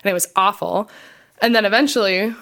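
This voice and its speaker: A young adult woman shares her personal testimony on a podcast she co-hosts. She talks in a relaxed, rambling way, packed with fillers. She often re-enacts what she said back then. Her voice sits at an ordinary middle pitch. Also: a little fast. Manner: chatty, filler-heavy, quotes her past self. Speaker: podcast co-host.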